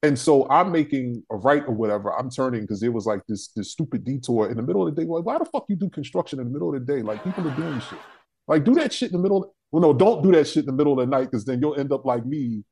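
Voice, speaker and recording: A young adult man telling a story on a discussion panel, profane, animated and emphatic. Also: medium pitch, fast, husky.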